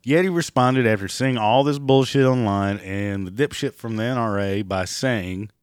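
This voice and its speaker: A hoarse man with a raspy voice, giving sarcastic, profane commentary and mocking the people he talks about. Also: fairly low pitch, normal speed, dry recording, clean studio sound. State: hoarse, clearing throat and coughing. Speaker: commentary vlogger. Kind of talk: ranting commentary.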